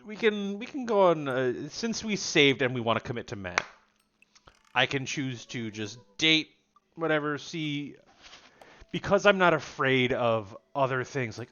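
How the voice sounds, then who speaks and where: A man's voice: mid-range voice, moderate pace, sharp tone, lo-fi sound. Chatty male streamer playing a game. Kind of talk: casual gameplay commentary.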